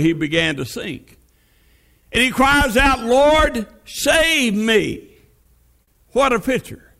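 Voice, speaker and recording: High-voiced man preaching slowly. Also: creaky, sharp tone. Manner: vivid storytelling, dramatic drops in pitch. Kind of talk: sermon.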